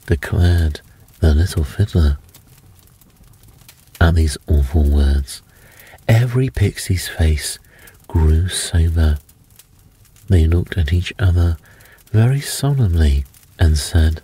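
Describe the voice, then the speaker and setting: A man gently narrating a soothing bedtime story. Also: low voice, takes it slowly, slightly rough, low-quality recording.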